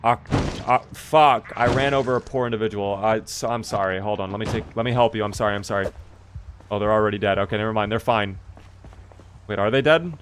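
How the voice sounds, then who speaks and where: A man's voice: on the low side, fairly quick. A young man commenting casually on a live game stream, joking, swearing and answering chat as he plays. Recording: noisy stream audio with clicks.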